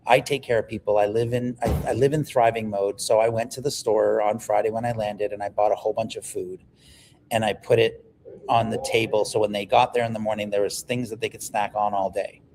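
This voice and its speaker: A man, a livestream guest telling stories in an animated, emphatic way. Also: on the low side, fairly quick, noisy background. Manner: animated storyteller, emphatic, repeats words when excited. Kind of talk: casual livestream conversation.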